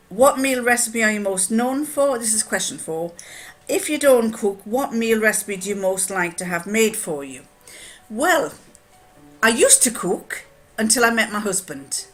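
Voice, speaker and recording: A woman's voice: a little high, expressive, measured pace, fairly bright tone, faint music behind. An older woman chatting to camera, rambling with frequent ums and restarts as she tells anecdotes. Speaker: vlogger answering a tag challenge. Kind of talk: casual chat to camera.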